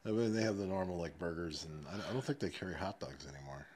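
A man's voice: sits low, animated, fast talker, darkish tone. A man co-hosting a podcast in casual chat at home, joking and swearing freely. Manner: loose, joking, swears freely, talks to a dog. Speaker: podcast co-host. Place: home living room with a dog.

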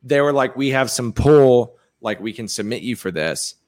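A man's voice: medium pitch, moderate pace. A man from England chatting casually as a guest musician, joking and swearing while he tells stories. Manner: animated, swearing, jokey storytelling. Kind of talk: casual podcast chat.

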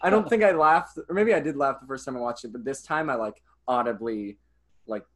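A man's voice: medium pitch, brisk, fairly bright tone. A young man co-hosting a casual film podcast, laughing often and putting on silly voices when quoting scenes. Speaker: podcast co-host.

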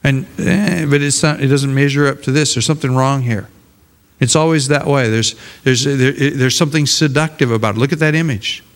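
A man's voice: medium pitch, fairly even intonation, fairly quick, big-room sound. An older man and pastor preaching a conversational sermon, often repeating words as he searches for them.

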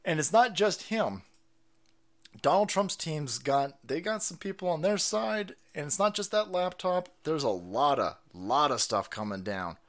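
A man hosting a casual live stream, his voice riding a wide, animated pitch range as he reacts to clips. He swears freely and gets loud and excitable, sitting a bit higher than most men. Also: a little slow. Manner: profane, excitable, laughs and shouts over clips. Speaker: livestream host. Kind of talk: casual political commentary stream.

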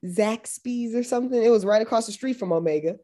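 Mellow, laid-back woman co-host. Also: a little high, fast talker. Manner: laid-back, chatty, dry asides. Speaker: podcast co-host. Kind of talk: casual chat recapping a movie.

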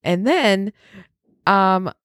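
A woman's voice: mid-range voice, very slow, no echo, clean studio sound. A young woman co-hosting a podcast, telling a story in casual chat, swearing freely. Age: young adult. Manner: swears freely, animated retelling with laughs. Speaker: podcast co-host.

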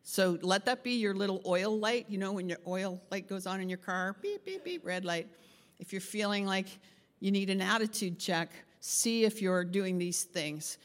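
A woman's voice: medium pitch, steady tone, moderate pace. A woman pastor giving a chatty, interactive sermon and asking the group questions. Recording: long hall reverb.

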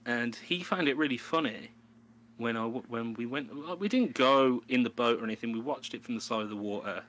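A young man chats on a podcast, his voice bright and forward. He tells stories animatedly and laughs often. A faint hum runs under the recording. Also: medium pitch, brisk. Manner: animated storyteller, laughs often, breaks into a put-on New York voice. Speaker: podcast co-host. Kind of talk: casual chat.

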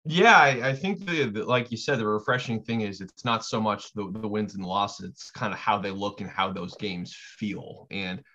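A man's voice: on the low side, moderate pace, few pauses, pushed and bright. A man, a sports reporter, giving loose, hesitant analysis with many restarts in a casual podcast chat. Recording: dull lo-fi audio.

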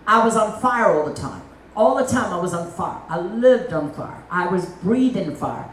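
A middle-aged woman evangelist gives a lively testimony sermon, full of folksy asides. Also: medium pitch, normal speed, slight background noise. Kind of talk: testimony preaching. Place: church meeting hall. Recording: echoey hall, mic at a distance.

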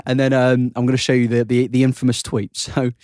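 A man's voice: medium pitch, monotone, moderate pace, a little mellow, no room sound. A young British man in his twenties hosting a casual podcast, giggling, swearing and stumbling over his sentences. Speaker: podcast host. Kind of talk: casual chat.

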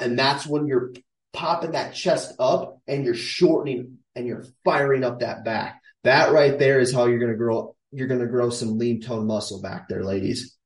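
A man in his thirties gives an emphatic, casual fitness lesson, hammering home his points by saying them twice. His voice is a middle pitch for a man. It reaches the mic from a few steps away, in a roomy, echoing space. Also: a little mellow. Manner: emphatic, coaching, repeats key points. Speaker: fitness coach. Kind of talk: casual instructional talk to camera. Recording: echoey room, voice from a distance.

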